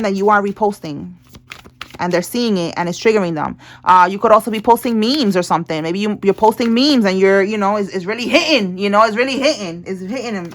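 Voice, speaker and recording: A woman's voice: mid-range voice, fairly bright tone. A woman giving a casual tarot reading, chatty and blunt, laughing often and using street slang. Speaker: tarot reader.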